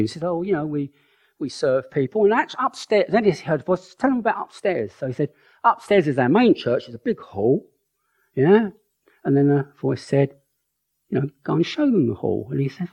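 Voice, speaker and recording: A man delivers a conversational sermon with a lively, animated voice that swings widely in pitch. He sits a little higher than most men and keeps checking in with his listeners. He acts out the voices in his stories. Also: a little fast, creaky, breathy edge. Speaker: preacher.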